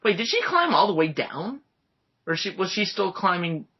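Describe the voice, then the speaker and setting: A young man chatting casually while reviewing a movie, excitable and often acting out scenes. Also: sits high, normal speed, breathy edge. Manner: excitable, acts out movie lines. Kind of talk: casual chat. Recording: dull lo-fi recording.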